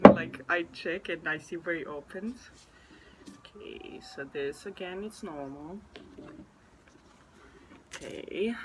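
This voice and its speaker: A woman's voice: on the low side, very noisy. A woman vlogging as she unboxes an album, gushing and gasping with delight. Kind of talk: excited unboxing vlog.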